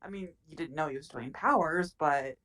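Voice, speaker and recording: A woman's voice: sits low, normal speed, fairly bright tone, far from the mic. Woman podcaster, sits back from the mic, laughing storytelling tone. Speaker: podcast co-host. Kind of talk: casual fan podcast chat.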